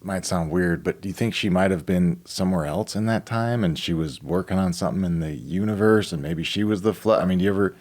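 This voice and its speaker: A man hosts a casual interview, asking gentle, hesitant questions. His voice sits very low but moves with a lively intonation. He leaves long room for his guest and answers her with soft murmurs. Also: brisk, few pauses. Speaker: podcast host.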